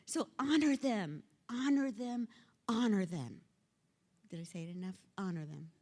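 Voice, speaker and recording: A woman's voice: mid-range voice, measured pace, darkish tone. An older woman giving a conference keynote, theatrical and teasing, acting out the voices she quotes. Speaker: keynote speaker. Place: conference hall before an audience.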